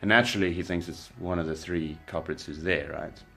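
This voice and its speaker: A young South African man casually telling a story, relaxed and rambling, with lots of fillers and restarts. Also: low-pitched, fairly quick, vocal fry, faint music behind. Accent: South African English. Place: indoors by candlelight.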